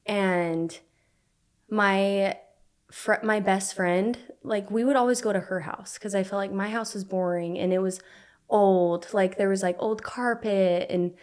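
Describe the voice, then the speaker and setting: Young woman, filler-heavy halting talk. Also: medium pitch, fairly even intonation, clean tone. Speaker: podcast guest. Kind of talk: personal storytelling in conversation.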